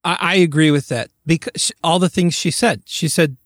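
A man's voice: fairly high pitch, fairly quick, no echo, clean studio sound. Chatty man hosting a podcast. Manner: chatty, laughs easily. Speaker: podcast host. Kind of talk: casual chat, recounting a case.

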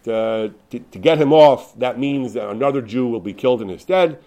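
A man's voice: medium pitch, normal speed, warm tone. A man teaching through a story, explaining religious law, often repeating words as he goes. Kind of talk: storytelling lesson.

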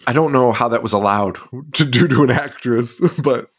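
A man's voice: mid-range voice, moderate pace, slightly rough. A man co-hosting a podcast, recapping films in casual chat, swearing and laughing as he rambles. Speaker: podcast co-host.

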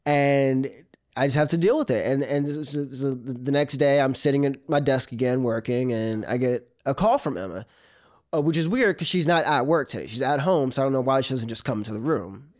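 A man, a comedian, telling a personal story on stage in an animated way, often laughing and imitating a cat's meows. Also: medium pitch, fairly quick. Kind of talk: live storytelling.

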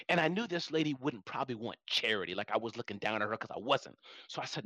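A man in his forties hosts a live audio room over his phone, fast and excitable. His pitch swings widely, and the sound is dry and close. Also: no echo. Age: 40s. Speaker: host.

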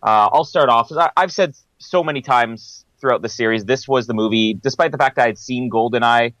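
A man's voice: medium pitch, brisk, a bit bright, dry recording, low-quality recording. A man co-hosting a film review podcast in a casual chat, laughing between phrases and using lots of fillers. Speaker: podcast co-host.

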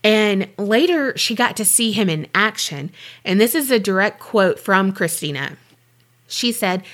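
A woman's voice: medium pitch, lively intonation, a little slow, fairly bright tone. A woman co-hosting a podcast, telling a true-crime story in a loose, chatty way with offhand swearing. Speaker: podcast co-host.

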